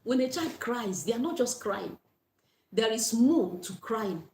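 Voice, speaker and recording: A woman's voice: fairly high pitch, big pitch swings, unhurried, a little mellow. A woman giving an earnest parenting talk on a livestream, repeating her key points and blessing her viewers. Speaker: parenting coach. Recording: echoey room.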